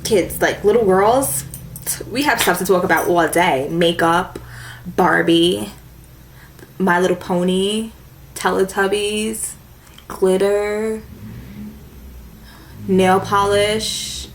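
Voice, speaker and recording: A woman's voice: medium pitch, steady tone, slow pace, pauses often, slight background noise. A young woman chatting casually to camera as a beauty vlogger, with a valley-girl lilt and lots of "like". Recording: echoey room with faint ambience.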